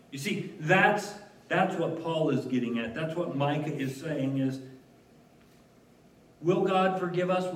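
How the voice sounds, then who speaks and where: A man preaching a sermon in a church, earnest and emphatic, with wry asides. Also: high-pitched. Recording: echoey room, voice from a distance.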